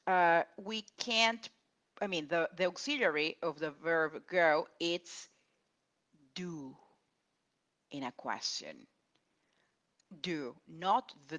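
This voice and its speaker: A woman teaching English in a live online lesson, explaining grammar slowly and repeating example sentences. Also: low-pitched, fairly bright tone.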